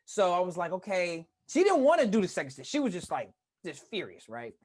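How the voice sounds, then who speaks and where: A woman's voice: on the low side, wildly swooping pitch, fast, darkish tone, slightly rough. A woman co-hosting a podcast, a chatty storyteller in casual conversation who laughs often. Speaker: podcast co-host. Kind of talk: casual chat.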